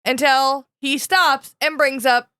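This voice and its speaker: A woman's voice: high-pitched, fairly even intonation, slow, bright, forceful tone, no echo, clean studio sound. A woman co-hosting a casual podcast, giggly and playful, recapping a book chapter with silly quoted lines. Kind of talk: casual chat.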